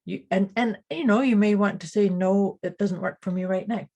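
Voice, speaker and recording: Husky-voiced woman podcast co-host. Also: mid-range voice, normal speed, dark tone. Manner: earnest and agreeable, backs up her co-host. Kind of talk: casual chat.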